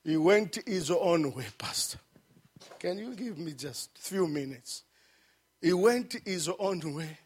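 Man, preacher, high voice, unhurried delivery, shouting then hushing, repetitive emphasis. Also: animated, husky. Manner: swings between shouted peaks and hushed low passages; repeats phrases for emphasis. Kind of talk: sermon.

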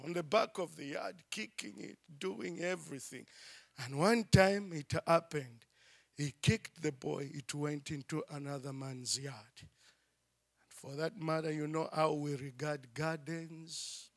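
A man preaching and telling a story in an animated way, often using "you know" and "I mean". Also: on the high side, vocal fry. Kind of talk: sermon storytelling.

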